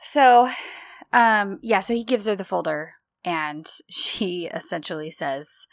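A woman's voice: mid-range voice, lively intonation, takes it slowly, no room sound, clean studio sound. A woman co-hosting a podcast in casual chat, easygoing and agreeable, often chiming in with short replies. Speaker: podcast co-host.

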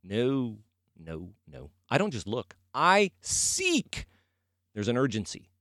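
A man's voice: fairly low pitch, a little slow, dry recording, studio quality. A man hosting a podcast, talking casually and emphatically in a folksy way, moving from sports to faith. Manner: animated, folksy, emphatic repetition. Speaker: podcast host.

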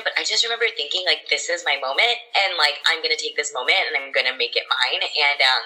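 A young woman telling her story as a guest in a casual interview, animated and full of "like". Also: low-pitched, brisk, hardly any pauses, rough recording. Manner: animated, chatty, says "like" constantly.

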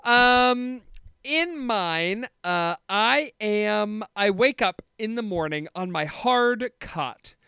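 A man hosting a comedy podcast, playful and quick with improvised bits in casual banter. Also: sits high, lively intonation, pushed and bright, clear, resonant tone, no room sound, clean studio sound. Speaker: podcast host.

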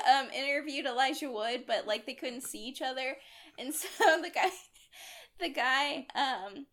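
A woman's voice: high-pitched, animated, measured pace, a bit bright. A woman co-hosting a podcast, chatting casually with many fillers and frequent laughs. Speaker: podcast co-host. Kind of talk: casual chat.

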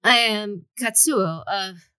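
A woman's voice: medium pitch, slow, bright, forceful tone, no room sound. A woman voicing a frightened young male farmer who stammers and panics. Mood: nervous.

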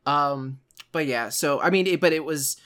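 A man's voice: a little high, moderate pace, sharp tone, clear, resonant tone. A man co-hosting a casual podcast, talking in an easygoing, rambling way with many fillers. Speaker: podcast co-host.

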